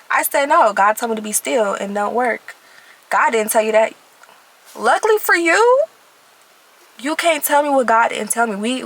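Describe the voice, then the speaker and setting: A woman's voice: mid-range voice, creaky, sharp tone, poor audio. A young woman earnestly telling her personal faith testimony to her viewers, stressing points by repeating them. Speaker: vlogger sharing her testimony. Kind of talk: personal faith testimony, casual talk to camera.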